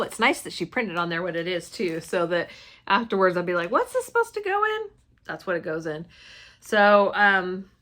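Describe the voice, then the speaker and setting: A woman's voice: medium pitch, fairly bright tone. Woman vlogger, forties, chatty show-and-tell, gushing and upbeat. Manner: chatty and enthusiastic, gushing over colors. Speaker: cross-stitch vlogger. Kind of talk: casual show-and-tell chat.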